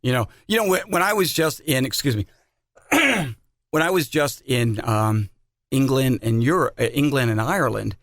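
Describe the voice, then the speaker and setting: A man's voice: mid-range voice, expressive, normal speed, a bit bright, no echo, studio quality. A middle-aged man co-hosting a podcast, telling stories in a chatty way and repeating words as he goes. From New Jersey, USA. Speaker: podcast co-host. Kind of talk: casual podcast chat.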